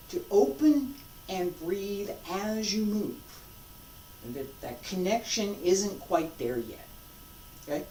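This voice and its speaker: Martial arts instructor, slow delivery, casual check-ins, roomy echo, distant from mic. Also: medium pitch, darkish tone, slight background noise. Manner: casual, checks in with frequent "all right?" and "okay?"; calls out breathing cues slowly. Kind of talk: spoken class instruction with demonstration.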